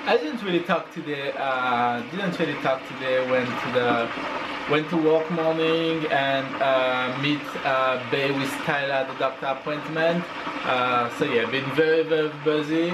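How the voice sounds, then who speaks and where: A young French man with a French accent, chatting halting and teasing in a casual family vlog, full of fillers and restarts. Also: medium pitch, heavy background noise. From France. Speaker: vlog co-host, husband.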